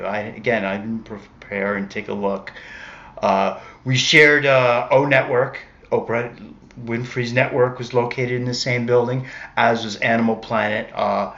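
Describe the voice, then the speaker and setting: A man's voice: medium pitch, a bit bright. A man telling a personal story in a casual, rambling way, correcting himself as he goes, on a dull lo-fi recording. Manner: rambling, self-correcting, conversational. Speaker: street musician telling a story.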